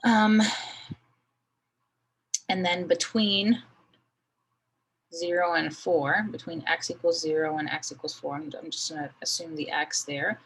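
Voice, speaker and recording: Low-voiced woman teaching math. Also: fairly even intonation, a little slow, pauses often, fairly bright tone, slight background noise, rough recording. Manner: thinks aloud while drawing, many fillers. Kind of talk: recorded screen lesson.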